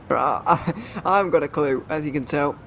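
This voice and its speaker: A male race commentator calls the action on a live stream in a slightly high voice. He talks chattily and often breaks off mid-thought to restart. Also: normal speed, creaky, a bit bright, a little hiss or hum.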